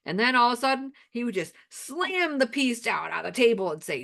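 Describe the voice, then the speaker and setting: A woman's voice: mid-range voice, fairly quick. Playful woman telling family stories. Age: adult with children. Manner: playful, self-deprecating, animated anecdotes. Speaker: amateur comedian. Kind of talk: stand-up style storytelling.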